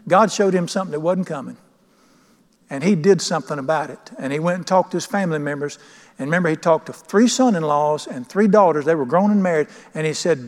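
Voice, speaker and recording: A man's voice: fairly high pitch, fast. A pastor preaching a sermon, emphatic and questioning his congregation. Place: church sanctuary. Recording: long church reverb.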